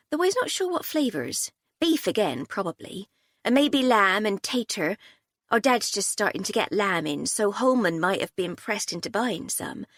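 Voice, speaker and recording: Woman reading cheeky young barmaid, chatty, storybook, lively pitch. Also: no room sound, studio quality, full character voice. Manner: chatty, playful, dialect grammar.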